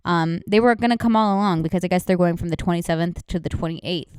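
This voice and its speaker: A young woman chats on a podcast in a smooth, clear voice, bubbly and quick to laugh. Her speech is animated and full of "like", and the sound is close and dry, with no room around it. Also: lowish voice, no room sound. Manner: laughs often, animated, says "like" a lot. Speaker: podcast co-host. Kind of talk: casual chat.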